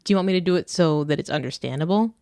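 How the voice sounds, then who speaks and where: A woman's voice: on the low side, racing, mellow, no room sound. A woman co-hosting a podcast, reacting to a story with playful, teasing remarks. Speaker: podcast co-host listening. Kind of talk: casual chat.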